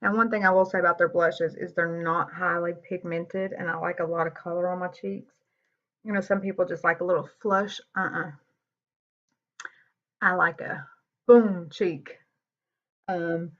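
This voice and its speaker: A woman, chatting candidly through a makeup tutorial as a beauty vlogger. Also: lowish voice. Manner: chatty, candid, says y'all a lot. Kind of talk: casual makeup tutorial chat. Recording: dull lo-fi sound.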